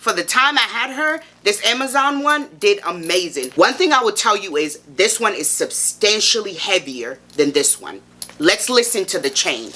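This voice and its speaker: A woman's voice: medium pitch, animated, moderate pace, pushed and bright, a little hiss or hum. A woman fashion vlogger giving a casual review to camera, sassy and playful, calling the viewer baby.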